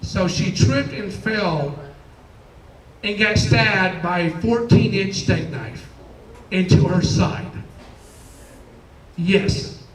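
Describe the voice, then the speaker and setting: A man's voice: high voice, lively intonation, extremely slow, pauses often, roomy sound, far from the mic, slight background noise, poor audio. A man doing a stand-up comedy set, telling chatty stories and acting out quoted voices. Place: comedy club stage.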